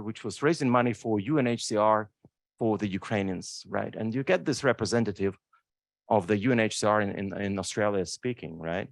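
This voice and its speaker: Male panelist, animated delivery, dry close sound, emphatic and emotional. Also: on the low side, gravelly, no echo. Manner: emphatic, repeats "right?" often. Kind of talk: impassioned panel talk. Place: lecture room.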